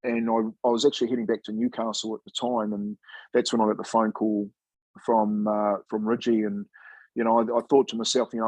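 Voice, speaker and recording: Husky-voiced man telling stories easygoingly. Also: lowish voice, level tone, brisk, a little mellow, no echo, rough recording. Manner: laid-back, chatty, says "mate" often, acts out quoted dialogue. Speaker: former rugby league player and coach, guest. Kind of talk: casual storytelling interview.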